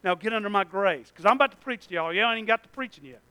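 A pastor preaching a sermon, swinging from soft, mumbled asides to loud, stretched-out cries. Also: male voice, high voice, lively intonation, racing, clear, resonant tone, no echo.

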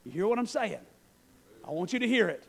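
A male preacher giving a fervent, folksy sermon, repeating phrases and rising into shouts. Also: sits high, sing-song, brisk, creaky. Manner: fervent, repetitive, breaks into shouting; folksy, conversational asides.

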